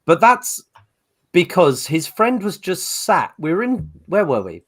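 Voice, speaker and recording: A man's voice: sits high, measured pace, slightly rough. A man, telling anecdotes in casual podcast chat, laughing often and doing voices. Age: late 30s. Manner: animated storyteller, laughs often, does voices. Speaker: podcast panelist.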